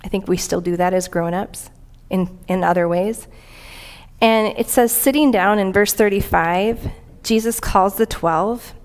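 An earnest woman delivers a conversational sermon in a church, her voice sitting at an ordinary middle pitch. She talks plainly to her congregation and stops now and then to read aloud from scripture and a commentary. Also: unhurried. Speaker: preacher.

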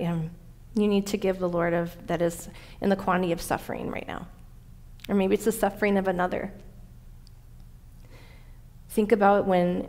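A woman pastor giving an earnest, gentle sermon, slowing down to stress her points and reading scripture aloud. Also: mid-range voice.

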